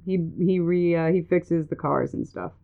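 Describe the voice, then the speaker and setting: A woman's voice: fairly low pitch, steady tone, a little slow, vocal fry. A woman hosting a casual chat, telling stories in a jokey way with lots of laughing. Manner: giggly, jokey storyteller. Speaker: podcast host. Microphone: phone. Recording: tinny phone-like line.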